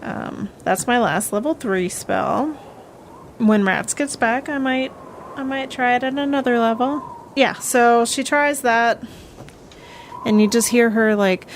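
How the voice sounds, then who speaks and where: A woman talks slowly and laughs her way through a tabletop session, her voice sitting a little high. Faint noise hums under the recording. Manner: laughing, giggly, dramatic when in character. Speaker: player. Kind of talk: tabletop game play, in and out of character.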